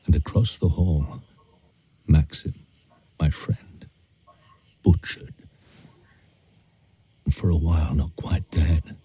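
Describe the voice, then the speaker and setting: Give me a bitter old former magician, slow and very low, drifting into whispers. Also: male voice, fairly even intonation, husky, exaggerated voice. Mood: grieving. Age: older. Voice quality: hushed, breaking into whispers. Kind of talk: animated series drama.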